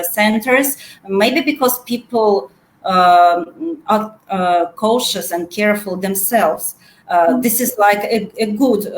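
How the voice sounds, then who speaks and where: A woman speaks as an interview guest, a mid-pitched voice in a roomy, echoing space. She talks slowly and picks her words, often stopping on fillers. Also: slight background noise. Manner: hesitant, with many fillers. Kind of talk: casual video-call interview. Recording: echoey room.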